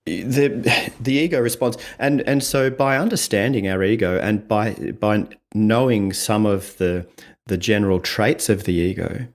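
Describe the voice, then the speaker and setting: A man's voice: fairly low pitch, fairly even intonation, a little slow. A man from Australia, a communication coach, explaining ideas in steps on an interview podcast, acting out quoted voices and laughing often. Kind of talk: conversational interview.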